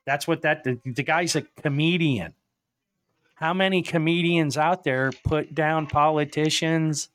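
A man's voice: on the high side, unhurried, fairly bright tone. A man hosting a podcast, rambling through stories and chuckling as he goes. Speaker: podcast host. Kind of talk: casual chat.

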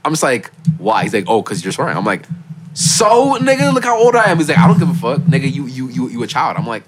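A young man in his late teens hosting a casual podcast, telling stories in an animated way and getting loud when he quotes himself. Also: medium pitch, quick pace, a little hiss or hum. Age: young adult. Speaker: podcast host.

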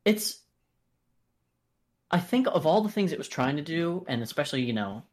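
Animated, profane American man. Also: a little high, moderate pace. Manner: animated, profane, acts out quoted voices. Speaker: podcast co-host. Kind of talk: casual film review chat.

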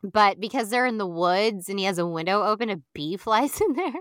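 A woman co-hosting a podcast, casually recapping a reality show with animated storytelling, acting out quotes and laughing often. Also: mid-range voice, fairly quick, smooth, no room sound, clean studio sound. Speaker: podcast co-host.

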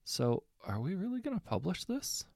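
A man's voice: mid-range voice, expressive, a little fast, creaky, no room sound, studio quality, voice pushed up. A man voicing an uneasy scientist who speaks hesitantly. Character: hesitant male scientist with a conscience.

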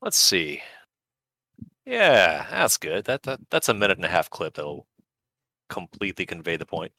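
Sarcastic podcast guy, low voice but bright and punchy, dry close sound. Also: huge pitch swings, moderate pace, no echo. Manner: sarcastic riffing, mock quotes. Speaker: podcast co-host. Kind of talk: casual chat.

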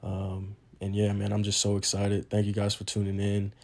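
A man's voice: on the low side, completely flat delivery, normal speed, a little mellow. A young man hosting a solo podcast intro, talking casually and earnestly, admitting he is nervous, with lots of "um" and "man". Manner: earnest, informal, frequent "um" and "man". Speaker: podcast host.

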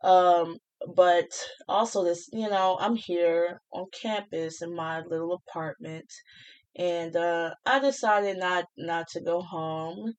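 Slow, hesitant young woman podcaster. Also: on the low side, fairly even intonation, highs cut off. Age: young adult. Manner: hesitant, many fillers and restarts. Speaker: podcast host. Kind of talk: casual podcast monologue. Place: small apartment.

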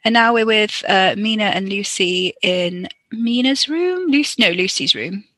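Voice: medium pitch, animated, a little slow, pushed and bright, no room sound. A podcaster giving chatty, joking improvised commentary over an old film. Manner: chatty, joking, many fillers.

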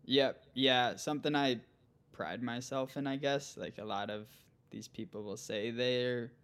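A young man from Minnesota, a guest on a podcast, talking casually and relaxed, laughing easily. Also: mid-range voice, unhurried, clear, resonant tone. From central Minnesota, US. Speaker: guest, pro cyclist. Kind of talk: casual interview chat.

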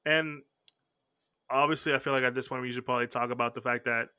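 A man's voice: medium pitch, steady tone, fast, pushed and bright, clean tone. A man hosting a podcast, chatting casually and often restarting his sentences. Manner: rambling, self-correcting, frequent restarts. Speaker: podcast host. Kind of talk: casual chat.

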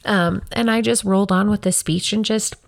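A woman's voice: mid-range voice, fairly even intonation, normal speed, creaky, dry recording, clean studio sound. A woman in her thirties, a podcast host, talking earnestly and reflectively about her own life in a casual way. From Wyoming, US. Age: 30s. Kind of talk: personal casual talk.

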